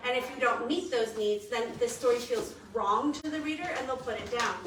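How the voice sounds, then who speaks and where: A woman author chatting casually at a live bookstore event, self-deprecating with quick asides. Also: a little high. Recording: echoey room, distant mic, noise.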